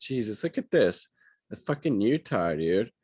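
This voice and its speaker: A man's voice: on the low side, sing-song, a little slow, darkish tone, husky, no room sound. A man reading news items aloud and giving angry, profane, sarcastic commentary on them. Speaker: political commentator.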